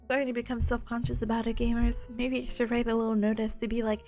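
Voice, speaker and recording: A young woman with a hoarse, fading voice, reviewing study notes for her stream in a bubbly, giggly, chatty way. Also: on the high side, little pitch movement, fast, warm tone, faint music behind.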